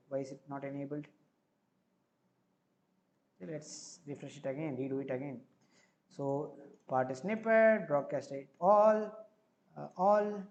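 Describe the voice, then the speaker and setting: A man with an Indian accent, hosting a live coding stream, who explains each step as he goes and fills pauses with frequent filler words. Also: a little high, a little mellow.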